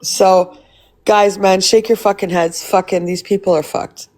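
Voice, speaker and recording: A woman's voice: mid-range voice, steady tone, measured pace, darkish tone. A woman livestreaming and reacting to clips, ranting bluntly and swearing heavily with scorn.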